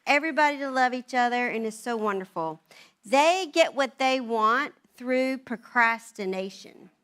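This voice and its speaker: A grandmother addresses a church gathering of mothers, swinging between her own voice and quick impressions of her family. Her voice sits a touch higher than most women's, and she talks with lively, animated timing. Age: older. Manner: animated, acts out family dialogue in changing voices. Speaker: speaker at a moms' event. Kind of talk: talk to an audience, storytelling.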